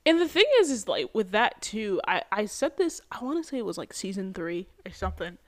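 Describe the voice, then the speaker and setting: A woman hosting a podcast, recapping a TV episode in an animated, casual way with many fillers and quick bursts. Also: mid-range voice. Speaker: podcast host.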